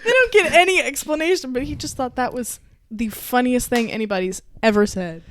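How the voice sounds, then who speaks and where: A woman's voice: high-pitched, expressive, fairly quick. Chatty young woman telling stories. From Texas. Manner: chatty storyteller, laughs often, lots of fillers. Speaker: podcast co-host. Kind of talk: casual chat.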